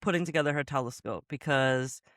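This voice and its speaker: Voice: mid-range voice, fairly quick, fairly bright tone, no room sound, studio quality. A podcast co-host recapping a film plot in a casual, rambling way, full of likes and ums. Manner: rambling, hesitant plot recap with fillers and laughs. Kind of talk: casual comedic film review chat.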